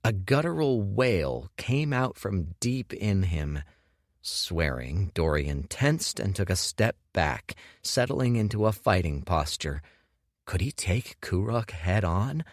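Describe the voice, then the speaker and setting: A man reading an audiobook in measured scripted narration. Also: sits low, very animated, dry recording, clean studio sound.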